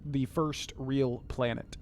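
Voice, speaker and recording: A man's voice: mid-range voice, steady tone, slow pace, a little mellow, soft background music. A young man casually chatting with viewers while streaming a game, rambling with many fillers. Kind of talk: casual gameplay commentary.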